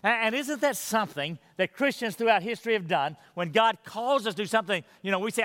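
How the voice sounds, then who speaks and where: A man preaching a sermon emphatically, sinking to quiet, intense low tones on key points. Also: expressive, fast talker, few pauses, in a large hall. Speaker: pastor.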